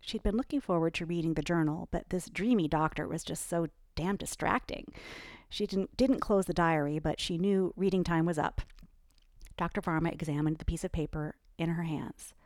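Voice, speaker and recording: A woman narrating her own novel aloud in an expressive way. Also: lowish voice, moderate pace, no room sound.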